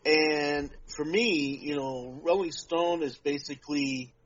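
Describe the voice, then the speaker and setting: A man co-hosting a podcast in casual chat, talking at length and leaning hard on his points. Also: fairly high pitch. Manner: talks at length with emphatic, drawn-out points. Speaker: podcast co-host. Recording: dull lo-fi podcast audio.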